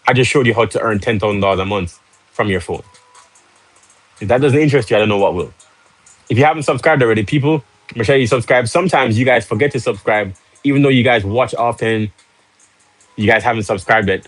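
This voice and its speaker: Heard on a low-quality recording with no echo, a man with a mid-range voice hosts a live stream in a casual, pushy, salesy way. Rhetorical questions urge his viewers on, and he jokes with the chat and laughs easily.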